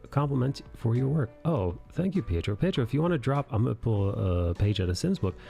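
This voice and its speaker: A man's voice: sing-song, fairly quick, creaky, dark tone, lo-fi sound, soft background music. A man hosting a live drawing stream, joking and laughing in casual chat. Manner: joking, laughing, rises in pitch when amused.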